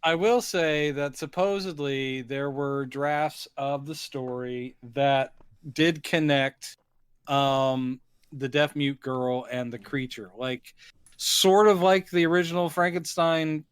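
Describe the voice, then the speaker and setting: Clear-voiced, wry man in dry close sound. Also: on the high side, steady tone, takes it slowly, no room sound. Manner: wry, amused, laughs easily. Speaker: podcast co-host. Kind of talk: casual comedic movie chat.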